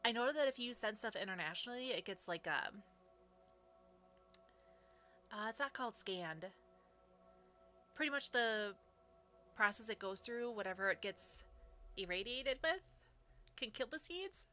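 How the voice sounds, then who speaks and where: A woman's voice: on the high side, lively intonation, moderate pace, bright, forceful tone, soft background music. A woman streaming casually, chatting and giggling while she sorts seeds and talks sweetly to her dog. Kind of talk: casual live-stream chat.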